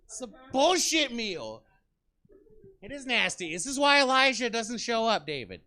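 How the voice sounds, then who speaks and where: A male stand-up comedian rants with exasperated, self-deprecating bite in a small theater. His voice is unusually high and bright. He jumps around in pitch as he works the crowd on a handheld mic. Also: sing-song, normal speed.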